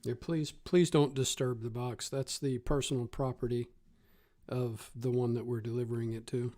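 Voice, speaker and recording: Mellow-voiced male player. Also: medium pitch, fairly even intonation, normal speed. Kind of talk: in-character roleplay talk.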